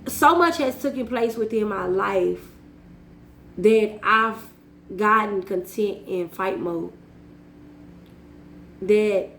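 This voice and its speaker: A woman's voice: medium pitch, fairly bright tone, slight background noise. A woman sharing a personal reflective monologue in an earnest, repetitive way, laughing at herself at times. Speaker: vlogger. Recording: echoey room.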